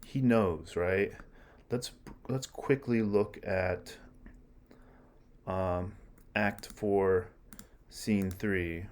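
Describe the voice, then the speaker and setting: A man's voice: sits low, fairly even intonation, drawn-out words, pauses often, a little mellow. A man teaching a play in a casual, chatty lecture, full of fillers and small chuckles. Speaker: literature teacher.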